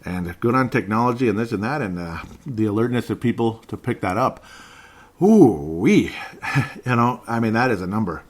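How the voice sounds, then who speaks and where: A man's voice: lowish voice, fairly quick. A man hosting a solo sports podcast, ranting in exasperation about a basketball game, sarcastic and laughing at himself now and then.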